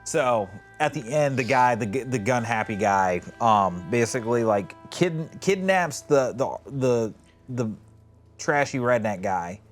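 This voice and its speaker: A man co-hosting a podcast in casual chat, telling stories in a rambling, animated way and acting out quotes with swearing. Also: mid-range voice, measured pace, soft background music. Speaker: podcast co-host.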